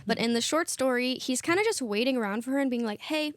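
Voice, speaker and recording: A woman co-hosting a podcast in casual chat, animated and often laughing. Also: on the high side, quick pace, no room sound, clean studio sound. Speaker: podcast co-host.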